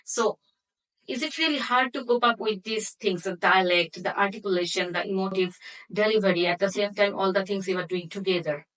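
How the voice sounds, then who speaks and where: A woman hosting an interview who asks long, halting questions and often stops to search for words. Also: mid-range voice, a bit bright, rough recording. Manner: halting, searching for words, non-native phrasing. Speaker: interview host.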